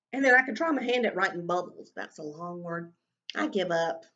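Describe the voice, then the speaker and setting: A kindergarten teacher modelling a writing lesson for young children, talking slowly in a sing-song way and stretching out sounds while she writes and draws. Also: fairly low pitch, animated, creaky, fairly bright tone, muffled recording.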